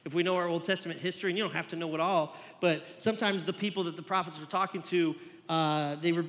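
A man's voice: fairly high pitch, steady tone, fast talker, fairly bright tone, big-room sound. A man preaching a sermon as a pastor, earnest and conversational as he talks the congregation through scripture.

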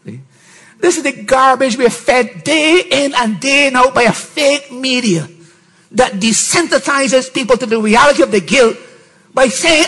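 A middle-aged man, a pastor, preaching a sermon and often rising to shouted emphasis with mocking put-on voices. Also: very high voice, animated, a little slow, low-quality recording.

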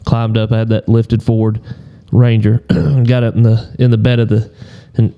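A man on a podcast telling a hunting story in a relaxed, rambling way, often clearing his throat. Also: lowish voice, moderate pace, highs cut off. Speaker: podcast co-host.

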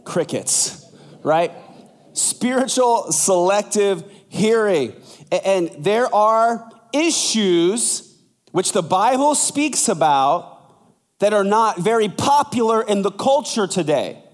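A male pastor delivers a sermon in a fairly high voice, lively and conversational. He jumps into quoted voices with sudden leaps in pitch. His words ring out with the long reverb of a large hall. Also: takes it slowly.

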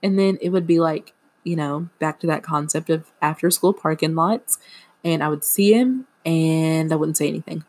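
Low-voiced young woman, rambling podcast chat. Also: normal speed, warm tone. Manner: rambling, filler-heavy, self-deprecating. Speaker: podcast host. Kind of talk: casual confessional chat.

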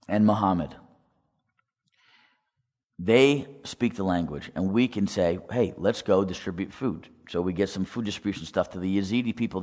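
A man giving a storytelling testimony to a congregation, acting out quoted dialogue and asking the audience questions. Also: low-pitched. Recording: long hall reverb.

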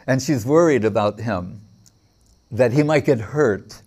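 Man, mid-pitched voice, devotional lecture, storytelling, acts out quotes, fillers. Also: expressive, slow, darkish tone, breathy edge. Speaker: spiritual teacher.

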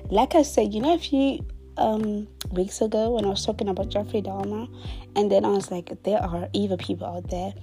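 A woman's voice: mid-range voice, fairly even intonation, normal speed, mellow, soft background music. A woman in her twenties telling a storytime in a chatty, dramatic way, dropping into whispered asides. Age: 20s. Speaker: vlogger. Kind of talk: casual storytime monologue.

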